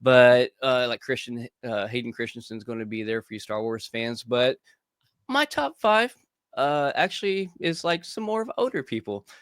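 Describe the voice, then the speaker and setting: A relaxed man chatting as co-host of a pop-culture podcast, with a mid-pitched voice. He laughs easily and often restarts his sentences mid-thought. The sound is dry and close, with no room echo. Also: moderate pace, smooth. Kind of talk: casual chat.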